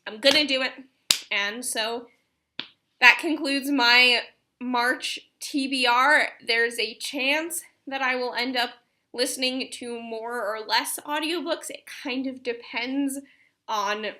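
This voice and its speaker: A woman's voice: a little high, steady tone, slow, pushed and bright. A young woman chatting casually about books she plans to read, rambling with fillers and restarts. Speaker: book vlogger. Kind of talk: casual chat.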